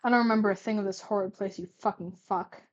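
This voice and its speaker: A woman's voice: mid-range voice, animated, fairly quick, darkish tone, dull audio, natural voice. A woman reading out the lines of a bitter, rude, sick teenage boy from her fanfic, stumbling and restarting now and then. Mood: snarling, bitter. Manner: read aloud with stumbles and restarts.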